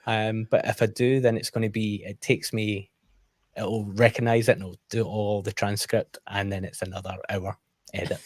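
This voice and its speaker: A man's voice: on the low side, level tone, moderate pace, no echo. A man chatting as a guest in a casual roundtable, candid and self-deprecating in his stories. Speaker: guest co-host.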